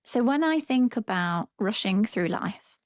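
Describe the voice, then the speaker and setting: A woman, a therapist co-hosting a casual podcast chat, reflective and quick to vent about her pet peeves. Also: medium pitch, lively intonation, no room sound, studio quality.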